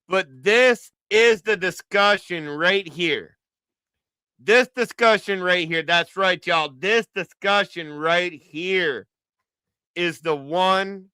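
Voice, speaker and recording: Man, high voice, smooth and clear, dry close sound, joking livestream commentary. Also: no room sound. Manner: animated, joking, repeats phrases. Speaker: livestream host. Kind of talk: casual reaction commentary.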